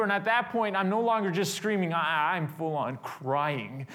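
A man preaching a storytelling sermon as a pastor, animated and swinging from loud to hushed. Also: a little high, normal speed, few pauses.

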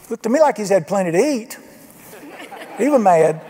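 A man's voice: high-pitched, very animated, moderate pace, pauses often, warm tone. A man preaching a sermon, telling folksy stories and acting out the people he quotes. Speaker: pastor. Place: church sanctuary. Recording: long reverb of a church hall.

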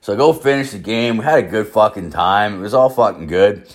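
A young man from Ireland telling a rambling, swear-filled party story in casual chat, acting out quotes with sudden jumps in pitch. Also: brisk. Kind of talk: casual anecdote, heavy swearing.

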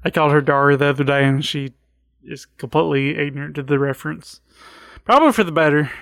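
A man co-hosting a podcast, chatting casually with laid-back short replies and quick asides. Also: on the high side, gravelly, fairly bright tone, dry recording, clean studio sound. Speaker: podcast co-host. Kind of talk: casual chat.

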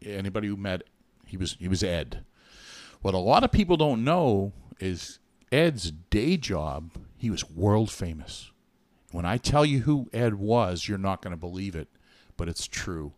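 A middle-aged man co-hosting a podcast, telling a personal story in an earnest, animated way with many restarts. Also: low voice, no echo. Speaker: podcast co-host. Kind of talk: casual storytelling chat.

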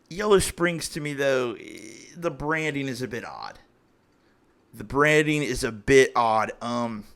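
A man's voice: mid-range voice, a bit bright. A man, telling a story in casual, profane podcast chat and acting out the quotes. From Ohio, USA. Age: 30s. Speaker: podcast host.

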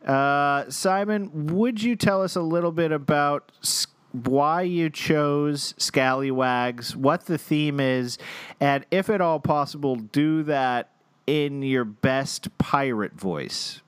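A man's voice: on the high side, slow, clean tone, no echo. A man co-hosting a podcast, chatting casually and jokingly with frequent laughs and fillers. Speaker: podcast co-host. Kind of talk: casual comedic chat.

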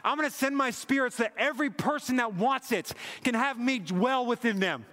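A preacher voicing God, eager to give. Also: male voice, very high voice, brisk, a bit bright, voice pushed up. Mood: yearning. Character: God, a loving eager giver, male.

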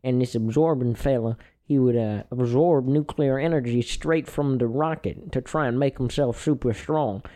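Speaking at a moderate pace with hardly any pauses, a man with a mid-range, dark-toned voice and a Southern US accent co-hosts a casual podcast. He rambles in a folksy, playfully boastful manner.

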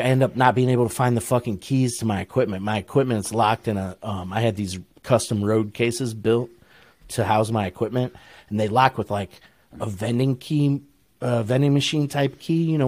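A man's voice: mid-range voice, no room sound. A middle-aged man with an Ohio accent, telling a long story on a podcast in a laid-back, profane way and laughing often. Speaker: podcast co-host. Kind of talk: casual chat, storytelling.

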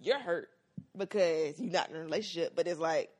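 A young woman co-hosting a podcast in casual chat, animated and acting out quoted lines with frequent laughs. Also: lowish voice, fairly quick. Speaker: podcast co-host.

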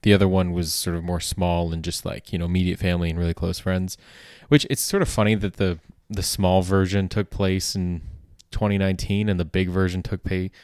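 A man with a very low voice hosting a comedy podcast alone. He rambles loosely, piling up filler words and restarts. The recording is dry and close. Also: fairly even intonation, brisk, few pauses, a little mellow, no room sound. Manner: rambling, heavy on filler words and self-corrections. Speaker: podcast host.

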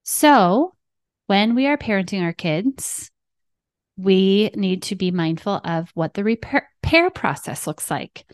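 A woman's voice: medium pitch, animated, a little slow, dry recording, clean studio sound. A woman, a parent coach, hosting a podcast and teaching in numbered steps, often checking in with "right?" and "okay.". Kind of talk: instructive podcast talk.

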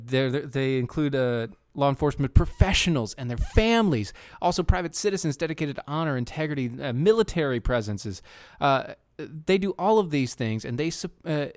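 A man's voice: mid-range voice, darkish tone, no room sound, clean studio sound. A man hosting a casual political commentary podcast, sarcastic and rambling with many restarts. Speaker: podcast host.

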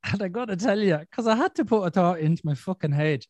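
A man's voice: sits high, lively intonation, fast talker, a little mellow, no echo. A man hosting a podcast in casual chat, blunt and sweary with a self-deprecating streak. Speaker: podcast host.

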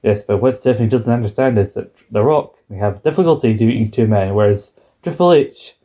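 Male co-host, casual jokey recap, mellow dark tone. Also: lowish voice, fairly quick. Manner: jokey, acts out quoted lines in silly voices. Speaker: podcast co-host.

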